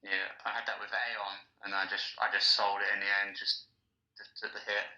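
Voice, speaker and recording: A man co-hosting a live crypto stream, chatting casually in short, relaxed remarks. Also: on the low side, fairly quick, roomy sound, dull audio. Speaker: co-host.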